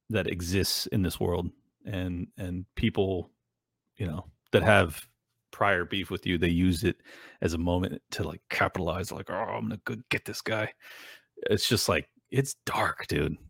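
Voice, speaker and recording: A man's voice: low-pitched, unhurried, fairly bright tone, breathy edge, dry recording, clean studio sound. A man hosting his own show, talking earnestly and emotionally to his viewers in a rambling way, with many fillers. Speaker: show host. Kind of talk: casual monologue to viewers.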